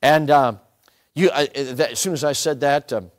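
A middle-aged man preaching to a gathered congregation, telling a personal story in a relaxed, conversational way. He keeps turning to the audience with questions, dropping to a near hush and then rising loud again. His voice sits in an ordinary middle pitch. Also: moderate pace. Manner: conversational, asks the audience questions, swings between soft and loud. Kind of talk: storytelling sermon. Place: church or meeting room with an audience.

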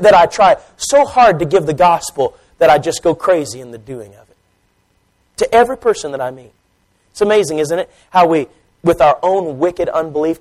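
Male pastor, fairly high voice, big swings from shouting to near-whisper, stumbling repeats. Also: low-quality recording. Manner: swings from loud emphatic preaching to soft quiet asides; repeats phrases with stumbles and restarts. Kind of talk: sermon. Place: church.

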